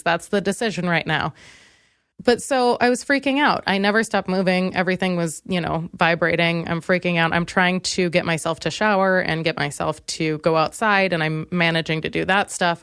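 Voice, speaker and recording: A woman's voice: fairly low pitch, fairly bright tone, smooth, no room sound, studio quality. Rambling, profane woman podcast host. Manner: rambling, candid, profane, many fillers and restarts. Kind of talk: comedic storytelling monologue.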